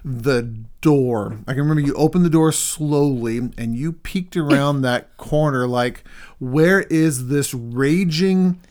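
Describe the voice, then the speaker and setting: A middle-aged man, a counselor, telling a story in a casual conversation with his wife, animated when he reenacts things. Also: medium pitch, a little slow, few pauses.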